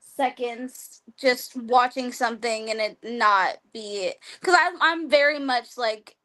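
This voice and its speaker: Chatty, fairly high-voiced young woman. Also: slow, sharp tone. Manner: chatty, lots of "like", laughs often. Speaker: guest wrestler. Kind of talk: casual interview chat.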